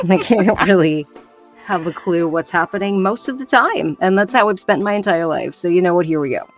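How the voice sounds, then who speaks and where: A woman's voice: fairly low pitch, animated, moderate pace, soft background music. A woman guest on a podcast, talking in a brash, crude, joking way. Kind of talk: casual chat.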